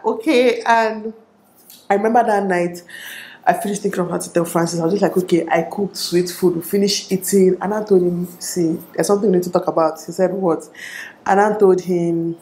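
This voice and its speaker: A young woman with a Nigerian accent, telling a personal story to camera in a casual, animated vlog style with quoted dialogue. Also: mid-range voice, brisk, echoey room. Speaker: vlogger.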